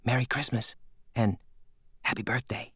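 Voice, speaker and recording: A man voicing a skinny, chatty orphan boy in a high, hushed whisper, as whispered role-play in a storybook reading. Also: steady tone, measured pace, slightly rough, dry recording, clean studio sound, exaggerated voice. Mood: hushed, teasing.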